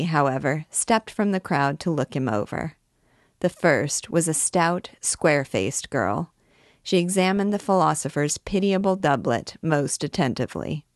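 A woman reading a classic novel aloud as a book guide, telling the story in a measured, expressive way. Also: sits low, no echo, studio quality.

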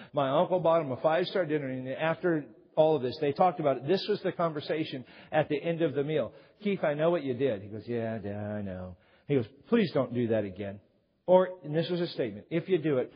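A man preaching a sermon to a congregation as a pastor, telling family stories in an animated way. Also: on the high side, slightly rough. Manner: animated storyteller, acts out yelling quotes. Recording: dull sound with long hall reverb.

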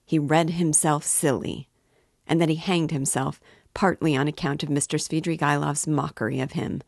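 A woman's voice: deep voice, steady tone, normal speed, vocal fry, no room sound. A woman reading the part of a composed young woman who answers coolly and dryly. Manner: dry and cool.

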